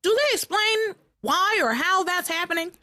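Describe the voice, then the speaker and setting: A woman's voice: very high-pitched, animated, normal speed, bright, forceful tone. A woman guest co-hosting a casual podcast, interjecting questions about the plot. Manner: interjecting questions, laughing along. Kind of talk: casual chat.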